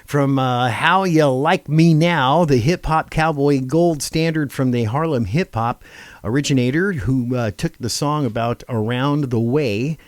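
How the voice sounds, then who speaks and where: A man's voice: mid-range voice, unhurried, no room sound. A man co-hosting a casual radio chat, reading down a list with many fillers and restarts and laughing often. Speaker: radio show co-host.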